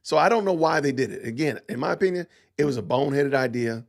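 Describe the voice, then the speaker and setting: A man's voice: medium pitch, lively intonation, fast. A middle-aged man hosting a podcast, giving opinionated commentary with emphatic rhetorical questions and lots of repetition. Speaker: podcast host.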